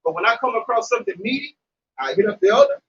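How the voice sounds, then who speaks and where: Brief: New man, very high and lively, emphatic and profane, mic distant and muffled. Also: fast. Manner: animated, emphatic, swears freely. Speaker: Hebrew Israelite member discussing scripture. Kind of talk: casual religious discussion. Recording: distant dull mic with faint noise.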